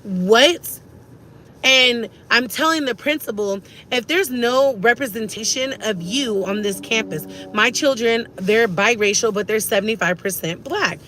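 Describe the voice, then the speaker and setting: A woman's voice: fairly high pitch, normal speed, few pauses, pushed and bright. A woman, ranting emphatically to camera as a vlogger and repeating herself for stress.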